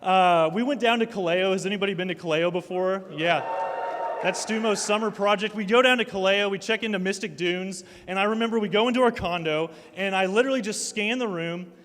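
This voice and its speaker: A high-voiced man in his thirties preaches to students, spinning funny, self-mocking family stories into his message. His voice echoes through a large hall with long reverb, and a live audience is in the room. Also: brisk, slight background noise. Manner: animated, self-mocking storyteller. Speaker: speaker at a student ministry night. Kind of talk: sermon with personal stories.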